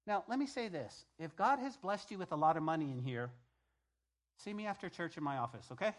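A man's voice: on the high side, animated, brisk. A middle-aged male pastor preaching a conversational sermon, repeating key phrases and telling stories from the pulpit.

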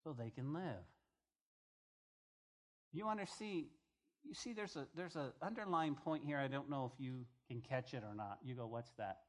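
A man's voice: mid-range voice, normal speed. A male pastor giving a conversational sermon, reading scripture aloud and paraphrasing it in everyday speech.

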